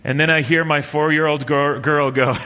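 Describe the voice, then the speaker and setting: Bright-voiced pastor preaching in a hall. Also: male voice, a little high, normal speed. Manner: relaxed, anecdotal, many fillers and restarts. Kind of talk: sermon, conversational storytelling. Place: church hall with live and online audience.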